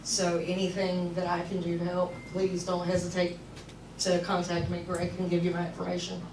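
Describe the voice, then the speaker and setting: A woman's voice: fairly low pitch, completely flat delivery, normal speed. A woman in her thirties giving a nervous, heartfelt speech about her recovery at an event. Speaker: speaker sharing her recovery story. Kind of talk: emotional public speech. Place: event hall with a crowd. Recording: roomy hall, distant mic, noise.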